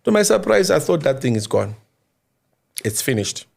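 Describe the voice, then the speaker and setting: A man, an interviewee recounting events in casual, slang-filled speech, animated and informal with apologetic asides. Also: medium pitch, normal speed, creaky. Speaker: interviewee, former crime intelligence source. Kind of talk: casual spoken storytelling.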